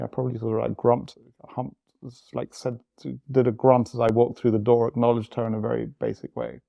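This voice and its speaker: A man in his fifties telling a personal story candidly in an interview, halting and restarting often. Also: mid-range voice, vocal fry, no echo, muffled recording. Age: 50s. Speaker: guest.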